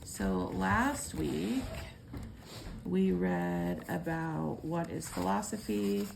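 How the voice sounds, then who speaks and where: A homeschooling mother in her thirties talks at home with a gravelly, crackly edge to her voice. Her delivery is relaxed and lightly sarcastic. A steady hum of background noise runs under the recording. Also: lowish voice, drawn-out words. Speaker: homeschooling parent and vlogger. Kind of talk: casual chat and reading aloud to kids.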